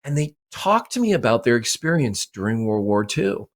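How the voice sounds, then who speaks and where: A man's voice: medium pitch, sing-song, normal speed. Man, podcast guest, mindset coach, mid-range voice, emphatic, repeats lines. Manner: emphatic, repeats phrases for effect. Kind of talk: motivational interview talk.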